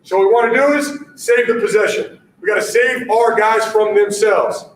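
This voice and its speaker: A man giving an energetic basketball coaching talk at a conference, punchy and repetitive, checking in with "all right?" all the time. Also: high voice, moderate pace, a little hiss or hum. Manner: energetic, punchy, repeats catchphrases, keeps asking "all right?". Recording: echoey room audio from a distance.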